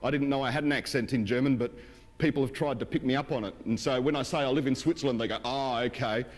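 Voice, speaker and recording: A man's voice: medium pitch, fast talker. A man with an Australian accent preaching a sermon as the church's pastor, in an earnest, conversational way that is full of rhetorical questions. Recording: reverberant church hall.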